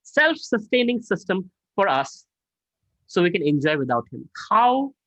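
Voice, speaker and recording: A man's voice: high-pitched, a little slow, no echo. A man teaching an online scripture class, telling stories and asking his students questions. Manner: animated, conversational, asks the class questions. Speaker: spiritual teacher. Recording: dull dry online audio.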